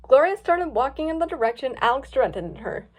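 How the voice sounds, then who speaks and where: A woman reading a story aloud with plenty of lift. Her voice is high and moves up and down a lot as she brings the scenes to life. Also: fairly quick. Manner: lively, expressive reading. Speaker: story reader.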